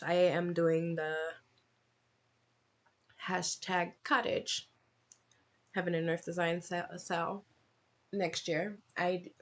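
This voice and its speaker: Lower-voiced woman chatting on her stitching livestream, laughs at herself a lot, kinda mutters while working. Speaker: cross-stitch livestream host.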